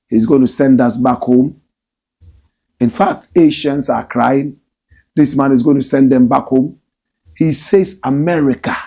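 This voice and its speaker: A middle-aged man with a Ghanaian English accent, hosting a lively commentary show and stretching out words for emphasis. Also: medium pitch, breathy edge. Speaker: show host.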